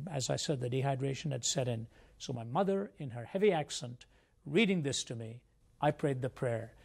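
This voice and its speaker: A man's voice: medium pitch, creaky, a little mellow. An older man from India, a Christian apologist, telling his life story as an interview guest in an earnest, reflective way.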